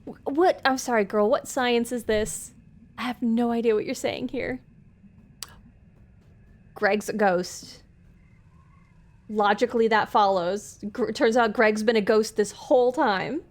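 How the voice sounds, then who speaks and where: A woman with a slightly high voice doing live let's play commentary. She reads game dialogue aloud and breaks off to chat with her viewers. Her voice is close on a desk mic in a home setup. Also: steady tone, normal speed. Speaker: streamer.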